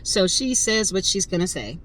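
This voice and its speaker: A podcast host in her fifties tells a story casually and emphatically at medium pitch and normal speed, speaking straight to her listeners in an animated way. The audio is poor, with slight background noise.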